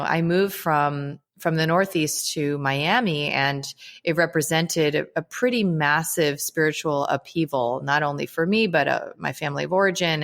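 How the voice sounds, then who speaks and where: Earnest woman with a lowish voice. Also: fairly bright tone. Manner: earnest, frequent "you know" and "right?" asides. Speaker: guest, holistic psychiatrist and author. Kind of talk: casual reflective interview talk.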